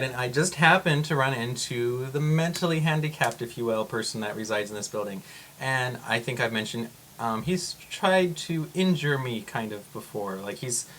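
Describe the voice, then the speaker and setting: Excitable rambling male vlogger. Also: mid-range voice, moderate pace, slight background noise. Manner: rambling and excitable, with frequent exclamations. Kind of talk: casual storytelling to camera.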